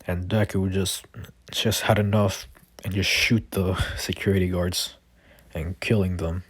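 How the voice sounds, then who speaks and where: Slow, hesitant man with a deep husky voice. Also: flat delivery, a bit bright, no echo. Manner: hesitant, filler-heavy, rambling. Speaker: storyteller. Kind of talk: improvised fan-fiction narration.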